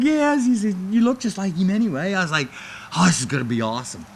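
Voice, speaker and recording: A man casually telling stories from his wrestling career in an interview, animatedly acting out the people he quotes. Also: fast talker. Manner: animated, acts out quoted voices with big pitch jumps.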